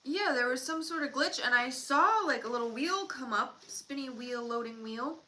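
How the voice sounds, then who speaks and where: A woman's voice: sits high, moderate pace, bright, forceful tone, poor audio. A woman co-hosting a casual livestream, chatting and rambling with lots of fillers while she eats. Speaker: livestream co-host.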